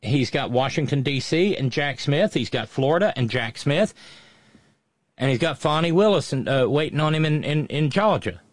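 A wry, measured man co-hosting a casual political talk show, often restarting his sentences with stammers. His voice sits a little high for a man. The sound is dry and close to the mic. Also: lively intonation, no room sound.

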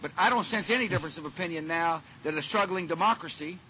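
A man answering questions at a press conference in a halting, plain-spoken way. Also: on the high side, slightly rough. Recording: dull archival clip with faint noise.

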